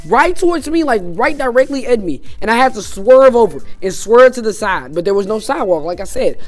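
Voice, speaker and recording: A man telling a personal story on his vlog in a loose, casual way, dropping "man" and "you know" into nearly every sentence. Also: high voice. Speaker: YouTuber.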